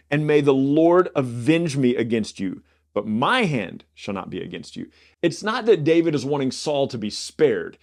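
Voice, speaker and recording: A man's voice: mid-range voice, darkish tone. A man reading scripture aloud and then explaining it in a conversational, informal way as host of a Bible study show. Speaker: Bible teacher.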